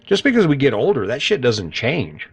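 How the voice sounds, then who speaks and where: A man's voice: mid-range voice, wildly swooping pitch, normal speed, breathy edge, faint music behind. Chatty folksy man hosting a podcast. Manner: folksy, chatty, keeps asking "right?". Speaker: podcast host. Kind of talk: casual motivational monologue. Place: lives in an RV.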